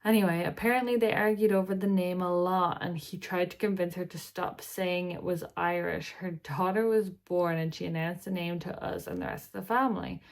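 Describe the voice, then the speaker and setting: A woman's voice: on the low side, fairly even intonation, moderate pace, hardly any pauses. A tired woman hosting a reaction video, reading posts aloud and breaking in with chatty asides and sighs. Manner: chatty, sighing, breaks off to talk to her pet.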